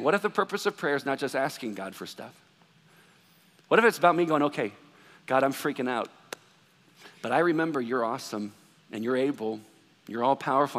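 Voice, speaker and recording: Bright-voiced pastor preaching in a hall. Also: male voice, fairly high pitch. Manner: conversational, animated, self-deprecating humor. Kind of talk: sermon. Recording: long reverb of a large hall.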